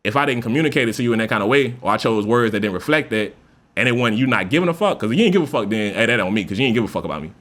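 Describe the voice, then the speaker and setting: Fast-talking man with a loose, profane delivery. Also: mid-range voice. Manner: loose, profane, animated speaker who acts out example voices. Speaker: podcast host. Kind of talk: casual monologue.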